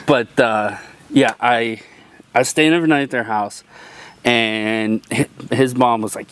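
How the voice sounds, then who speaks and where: A young man from western Pennsylvania spins a story around a campfire at night, laughing often and swearing freely. His voice sits at an ordinary middle pitch. A faint outdoor hum stays under his voice. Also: fairly even intonation, a little slow. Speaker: podcast guest. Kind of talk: casual storytelling chat.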